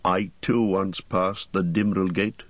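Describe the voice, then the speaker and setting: A man's voice: low voice, steady tone, slow pace, dry recording, muffled recording. A man voicing a grim, weary human ranger who speaks heavily and seriously. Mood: somber.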